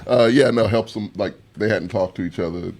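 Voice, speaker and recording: A man with a lowish voice talks casually on a podcast, cursing freely. A faint noise sits under the recording. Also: brisk, darkish tone. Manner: profane, laughs easily. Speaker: podcast co-host. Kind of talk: casual chat.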